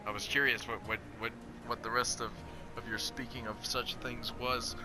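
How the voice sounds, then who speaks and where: A man's voice: medium pitch, little pitch movement, moderate pace, music in the background. A man in casual chat, laid-back and hesitant, swearing often. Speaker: podcast co-host.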